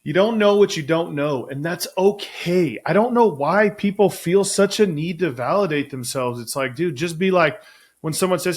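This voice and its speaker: A man's voice: fairly high pitch, normal speed. A man hosting a casual talk show about coaching, emphatic and exasperated as he makes his case, swearing casually. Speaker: podcast host, catching coach. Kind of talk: casual conversational chat.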